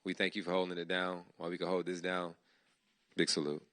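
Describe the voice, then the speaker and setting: A man's voice: low voice, monotone, a little fast, fairly bright tone, dry recording. A man hosting a startup demo day, giving heartfelt, casual, slangy thanks to his team in a live speech before an audience. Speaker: event host giving thanks. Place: event hall before an audience.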